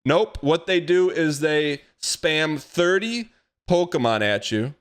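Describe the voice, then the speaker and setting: A man in his thirties, a streamer telling a rambling, animated story in casual chat with comic exaggeration. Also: a little high, slow, slight background noise.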